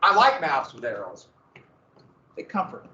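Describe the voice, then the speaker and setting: A man's voice: a little high, very animated, measured pace, sharp tone, far from the mic. A man teaching a history class in a casual lecture, with joking asides and dramatic emphasis. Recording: echoey, muffled classroom recording from afar.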